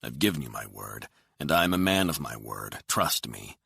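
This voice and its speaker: A man voicing a cool, controlled hired killer who speaks calmly and quietly threatens, in a deep voice. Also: normal speed, creaky, slightly rough, no echo, clean studio sound, exaggerated voice. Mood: cold.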